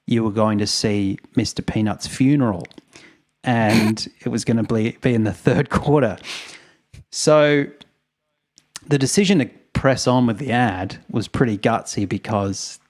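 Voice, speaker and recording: A man's voice: lowish voice, a little mellow. A man, co-hosting a podcast, retelling events in a rambling, wry way with chuckles. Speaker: podcast co-host. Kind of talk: casual storytelling chat.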